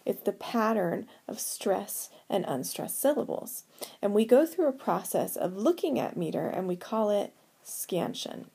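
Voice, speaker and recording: Woman, teacher, deliberate delivery, mellow dark tone, slow. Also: mid-range voice, lively intonation, gravelly, breathy edge. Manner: slow, deliberate, sounding out stresses. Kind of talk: explaining poetic meter to students.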